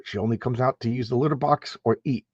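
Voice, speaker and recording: A man's voice: medium pitch, fairly even intonation, fast talker, darkish tone, husky, no echo, muffled recording. A man hosting a casual live stream, rambling and stammering as he repeats words. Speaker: host.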